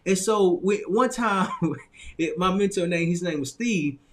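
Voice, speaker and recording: A man's voice: high-pitched, measured pace. A man with a Southern accent from Arkansas, speaking as a motivational speaker in a loose, casual storytelling style, repeating himself and laughing often. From Little Rock, Arkansas, US. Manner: loose, repetitive phrasing with frequent laughs and restarts.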